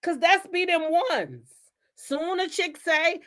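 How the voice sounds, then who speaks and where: Woman, channel host, casual commentary, profane, blunt, lively swooping pitch. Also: measured pace. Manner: blunt, profane, animated storytelling.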